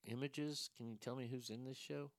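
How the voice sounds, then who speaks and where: A man's voice: mid-range voice, steady tone, normal speed, no room sound, clean studio sound. A man in casual, rambling commentary, sarcastic and profane as he thinks aloud.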